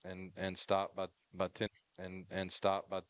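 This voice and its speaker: A man who coaches a school team, speaking on a local radio show in a halting way with many fillers. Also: deep voice, monotone, no room sound. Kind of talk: casual radio talk.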